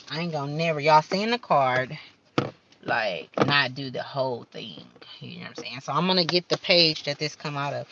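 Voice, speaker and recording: A woman's voice: low-pitched, lo-fi sound, background noise. A woman doing a casual spiritual card-reading vlog, talking fervently in slang, swearing at times and stumbling as she reads the card text aloud. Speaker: card reader.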